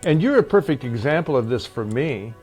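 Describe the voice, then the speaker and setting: A man's voice: medium pitch, sing-song, a little fast, a little mellow, soft background music. Earnest man who repeats phrases for weight. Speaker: actor and podcast guest. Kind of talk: casual conversation.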